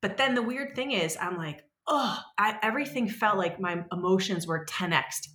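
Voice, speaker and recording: A woman in her forties, a podcast guest telling stories in a rambling, animated way and acting out the voices she quotes. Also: mid-range voice, moderate pace, reverberant. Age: 40s. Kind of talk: casual conversational storytelling.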